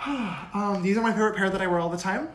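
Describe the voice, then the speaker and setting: A man playing a polite, hesitant young woman friend who talks softly in a comedy sketch. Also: high-pitched, fast, slight background noise. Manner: soft and hesitant, with fillers.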